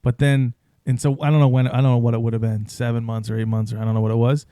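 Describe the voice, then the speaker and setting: A man's voice: medium pitch, level tone, quick pace, mellow, smooth, dry recording, clean studio sound. A man in his thirties co-hosting a podcast, talking in a thoughtful, reflective way. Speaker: podcast co-host. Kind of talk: casual chat.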